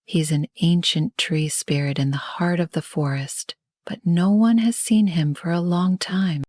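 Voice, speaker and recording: A woman voicing a tiny young hedgehog with a squeaky manner in a whispered role-play. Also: measured pace, darkish tone, no room sound, studio quality. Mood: timid.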